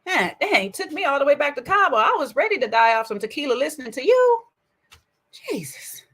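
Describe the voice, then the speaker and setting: A woman hosting a casual, sassy commentary on a reality dating show, with a colloquial, animated delivery. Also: high voice, fairly quick. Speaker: commentary host.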